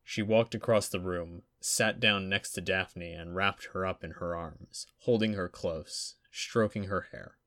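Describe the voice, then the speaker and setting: Low-voiced man reading a story aloud. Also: a little slow, hardly any pauses, no room sound, clean studio sound. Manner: steady, even storytelling delivery. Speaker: audiobook narrator.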